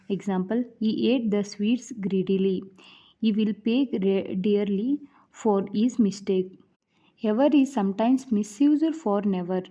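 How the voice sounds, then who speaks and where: Woman reading grammar rules for an audiobook, deep mellow tone, kinda muffled lo-fi sound, trips over a word now and then. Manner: measured reading with occasional stumbles and restarts. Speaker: grammar teacher reading aloud. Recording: dull lo-fi recording.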